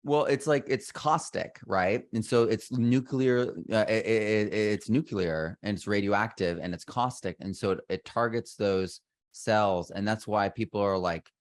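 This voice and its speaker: Middle-aged male guest, low register, rambling and self-interrupting, dry booth sound. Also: a little slow, hardly any pauses, dry recording. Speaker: podcast guest. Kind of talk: casual interview conversation.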